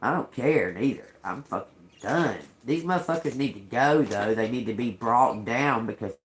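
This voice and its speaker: A middle-aged livestream host, her voice extremely low with lively intonation, tells an angry personal story at normal speed, swearing a lot as she rants. The sound is echoey, as if in a large room.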